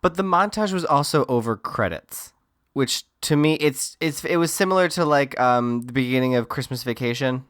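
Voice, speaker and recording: A man's voice: medium pitch, expressive, moderate pace, a bit bright, smooth, no room sound, studio quality. A man co-hosting a podcast in casual chat, musing in a rambling way full of fillers. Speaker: podcast co-host.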